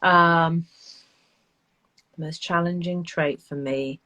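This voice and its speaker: A woman's voice: lowish voice, slow pace. Chatty woman on a video call. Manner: animated, laughing, self-deprecating storytelling. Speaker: actress guest. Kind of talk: casual live Q&A chat.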